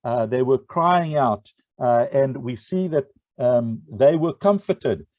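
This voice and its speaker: Brief: male Bible teacher, mid pitch, unhurried, asks questions then answers them, thin dry phone-quality sound. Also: animated, no room sound. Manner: unhurried, with many fillers and rhetorical questions.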